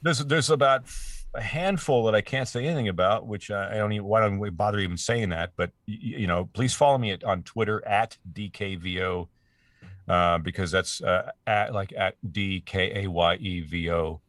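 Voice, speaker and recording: A man with a very low, deep voice chats animatedly as a voice actor guest. He often stammers and restarts his sentences, and he breaks into laughing asides. The recording is dry and close, from a studio microphone. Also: moderate pace, fairly bright tone, no echo. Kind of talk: casual interview chat. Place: home studio.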